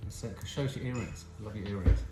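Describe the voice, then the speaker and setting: A woman's voice: a bass voice, fast, echoey room, loud music behind the voice. A woman co-hosting a show, in playful, casual chat with a sister. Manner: chatty, playful and swearing. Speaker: co-host.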